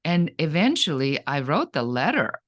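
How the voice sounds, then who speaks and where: A middle-aged woman, a guest entrepreneur from Germany, telling her story in an interview with dramatic, animated delivery. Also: low voice, normal speed.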